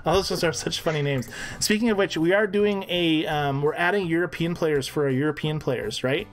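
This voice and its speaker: A man's voice: fairly high pitch, moderate pace, faint music behind. A man co-hosting a casual game live stream, joking and laughing at himself as he plays.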